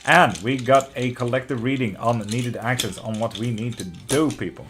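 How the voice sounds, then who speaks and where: Soft music plays as a man hosts a live tarot stream, his mid-range, fairly bright voice moving at a moderate pace with hardly any pauses. He chats casually and reads comments aloud, cursing freely, laughing often, and showing open emotion and affection.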